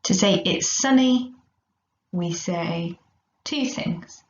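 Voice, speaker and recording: A woman teaching a recorded language lesson, speaking slowly and carefully and repeating each phrase for her students. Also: on the low side. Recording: echoey, slightly dull recording.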